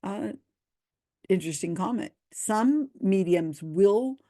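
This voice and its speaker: A woman's voice: medium pitch, animated, slow pace, mellow, no room sound. A woman casually commenting on video comments, reading them aloud and answering in a dry, skeptical way.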